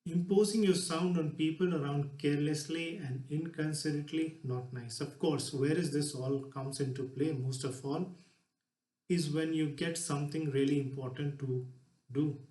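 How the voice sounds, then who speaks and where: A man gives a lively public talk from a stage. His voice sits slightly higher than most men's. The hall around him echoes. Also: moderate pace. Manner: lively, demonstrative, shifts voice to show examples. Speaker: speaker giving a talk. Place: stage before a live audience.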